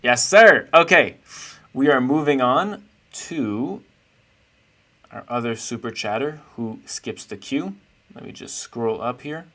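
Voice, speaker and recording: A man's voice: medium pitch, animated, takes it slowly, sharp tone. Chatty male chess streamer. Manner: chatty, playful, thinks aloud while searching. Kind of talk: casual live stream chat.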